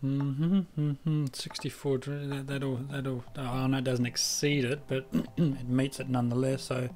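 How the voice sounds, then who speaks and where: Flat and measured, this medium-pitched, slightly mellow male voice comes with a little hiss or hum. It belongs to an Australian-accented man from South Australia giving casual commentary while streaming a car repair game, chatty and a bit rambling, sometimes losing his thread.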